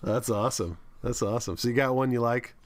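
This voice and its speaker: A man's voice: medium pitch, fast. A man hosting a tabletop gaming podcast, upbeat and encouraging as he steers the chat to the next segment. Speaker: podcast host. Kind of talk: casual chat.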